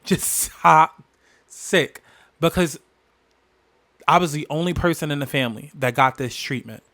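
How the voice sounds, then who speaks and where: Forceful, emphatic man telling his story. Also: a little high, moderate pace. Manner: emphatic, repeats phrases for weight, heavy swearing. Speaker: podcast host. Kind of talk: candid storytelling monologue.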